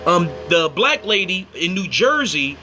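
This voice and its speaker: A man's voice: high-pitched, measured pace, faint music behind. A young man hosting a casual livestream, telling stories animatedly and breaking off to thank viewers. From Indiana, United States. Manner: animated storyteller, acts out quotes, thanks viewers mid-story. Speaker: livestream host.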